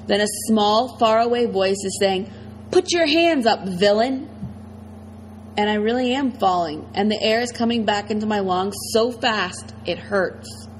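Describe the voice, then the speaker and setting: A woman's voice: medium pitch, fairly even intonation, moderate pace, hardly any pauses, slight background noise, poor audio. A woman reading a first-person novel aloud as audiobook narrator, in a tense, dramatic way.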